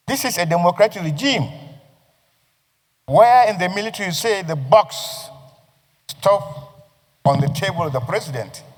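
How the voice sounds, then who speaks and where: A man with a Nigerian accent, a senator giving a forceful, declamatory floor speech with repeated phrases. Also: sits high. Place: legislative chamber. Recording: reverberant chamber audio.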